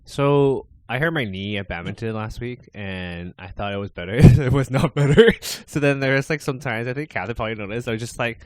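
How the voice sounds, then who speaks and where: A man's voice: mid-range voice, a little fast, few pauses, dry recording. A man in his twenties co-hosting a podcast, chatting casually and laughing a lot. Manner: animated, laughs a lot, swinging intonation. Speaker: podcast co-host. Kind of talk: casual chat.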